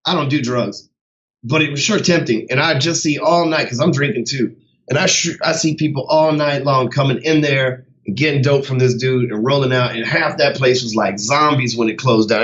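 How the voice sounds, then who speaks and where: A man's voice: mid-range voice, a bit bright, dull audio. A man who coaches sales, giving a casual motivational talk in a blunt, heavily profane way.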